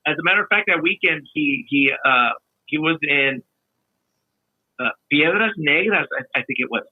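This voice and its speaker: A man chatting casually as a podcast guest, relaxed and storytelling, often trailing off mid-sentence. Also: a little high, normal speed, husky, no room sound. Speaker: guest videographer. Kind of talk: casual chat. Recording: tinny phone-like line.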